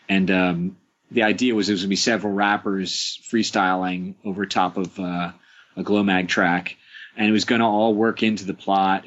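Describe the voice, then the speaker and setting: A deep, fairly bright male voice belongs to a show creator being interviewed on a podcast. He rambles casually about making his show, full of fillers, restarts and little laughs, in dull, lo-fi audio.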